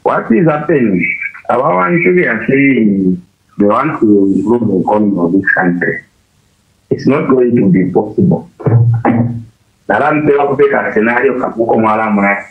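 A man's voice: mid-range voice, animated, faint music behind. Male caller on a tinny phone line. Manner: halting, hesitant with many fillers. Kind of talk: call-in comment.

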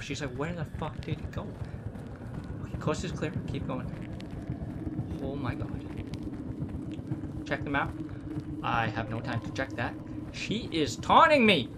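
A man commentating a horror game as he plays, jumpy and swearing, shouting when scared. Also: a little high, background noise. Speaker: gaming video creator.

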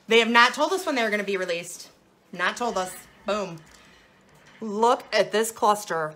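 A woman's voice: mid-range voice, expressive, moderate pace, bright, forceful tone. A woman hosting a casual live jewelry sales show, bubbly and playful, gushing over each piece.

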